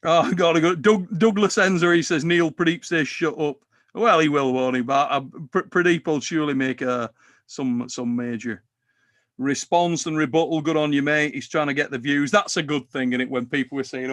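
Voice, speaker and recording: A man hosting a casual chat, animated and quick to swear and tease. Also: fairly high pitch. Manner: animated, swears, teasing banter. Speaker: podcast host.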